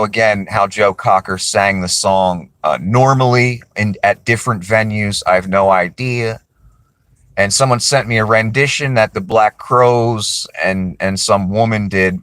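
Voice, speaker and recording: A man's voice: lowish voice, a bit bright, no room sound. Rambling apologetic man, dry close sound. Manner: rambling, apologetic, self-correcting. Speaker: video creator. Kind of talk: casual talk to camera.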